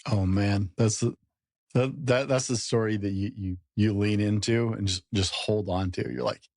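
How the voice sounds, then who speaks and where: A man hosts a podcast in a fairly low voice. He keeps the talk casual and chatty, often repeating words mid-thought. The sound is dry and close-miked. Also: fairly even intonation, normal speed, a little mellow, no room sound. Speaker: podcast host. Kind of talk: casual interview.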